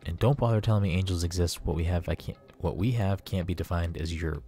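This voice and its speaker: A man reading the lines of an excitable, melodramatic young male otaku character during a game playthrough. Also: low-pitched, fast. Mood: pleading. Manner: melodramatic, pleading. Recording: faint game music behind.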